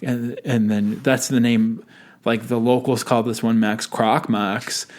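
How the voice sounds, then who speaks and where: A man's voice: mid-range voice, flat delivery, unhurried, a little mellow. A man hosting a podcast in casual chat, rambling and joking as he introduces songs. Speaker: podcast host.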